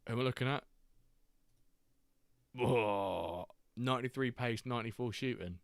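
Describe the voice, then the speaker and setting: A man hosting a live game stream, chatting casually, greeting viewers and reacting excitedly to player stats. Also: medium pitch, vocal fry, dry recording. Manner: chatty, reacts to chat readers by name, quick excited asides. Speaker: streamer host.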